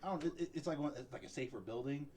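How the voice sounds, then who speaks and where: Young male podcast co-host, slightly high voice, rambling laughing storyteller. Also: very fast, a little mellow, slight background noise. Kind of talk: casual chat.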